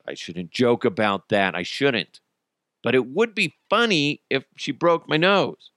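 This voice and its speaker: A man's voice: measured pace, dry recording, clean studio sound. A man hosting a casual solo podcast, ranting about movie theaters, swearing and laughing at his own stories. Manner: animated, swearing, laughing at his own stories, acts out bystanders in high voices. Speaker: podcast host.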